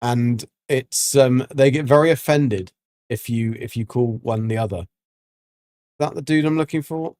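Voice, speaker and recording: A man's voice: mid-range voice, moderate pace, darkish tone, no echo, clean studio sound. A man chatting casually on a gaming livestream, rambling with many ums and restarts. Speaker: livestreaming gamer.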